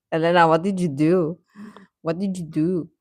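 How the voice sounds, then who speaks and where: A woman's voice: low voice, dry recording, clean studio sound. A young woman casually chatting with viewers on a livestream, reading the chat, laughing often and ranting in exasperation.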